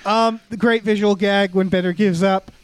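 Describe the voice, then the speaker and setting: Man, high voice, smooth and clear, enthusiastic, casual podcast co-host. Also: steady tone, normal speed. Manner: enthusiastic, laughs often, reads quoted gags. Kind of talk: casual chat.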